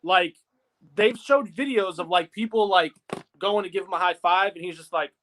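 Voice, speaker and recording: Rambling man with a fairly high voice. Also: moderate pace, a bit bright. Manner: rambling, fills with "like" constantly. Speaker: co-host of a wrestling watch-along. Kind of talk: casual chat.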